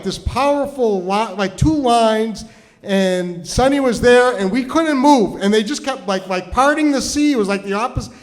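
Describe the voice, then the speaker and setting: A man doing stand-up storytelling on stage, rambling with many stammered restarts, swinging from hushed and tender to loud and shouting. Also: high-pitched. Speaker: storytelling comedian. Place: stage before a live audience.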